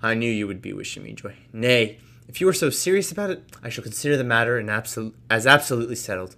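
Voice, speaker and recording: A haughty young society lady, as a man reading aloud puts her on mocks and teases in quick, clipped phrases. Her voice sits at an ordinary middle pitch, with no great lift or softening. It is a man's own reading voice, only lightly shaded. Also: animated, vocal fry. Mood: mocking.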